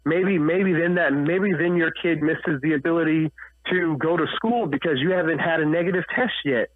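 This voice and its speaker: A man's voice: a little high, moderate pace, dry recording. A man hosting a casual podcast, rambling through heated, profane opinions over a tinny phone-like line. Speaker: host.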